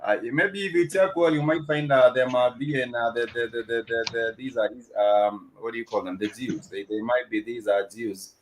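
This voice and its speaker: A man's voice: medium pitch, fairly even intonation, moderate pace, few pauses, poor audio. A man giving casual news commentary, hesitant, with many fillers and restarts. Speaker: co-host. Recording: clear background noise.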